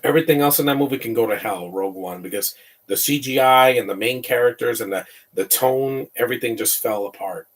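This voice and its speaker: Husky man rambling through a movie. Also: mid-range voice, fairly quick, far from the mic. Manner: rambling, opinionated, stumbles on repeated words. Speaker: movie commentator. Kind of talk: casual live film commentary.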